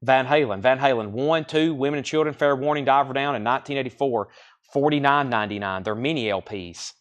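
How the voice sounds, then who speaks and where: A man hosting a live-streamed record sale, briskly calling out records, prices and conditions. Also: medium pitch.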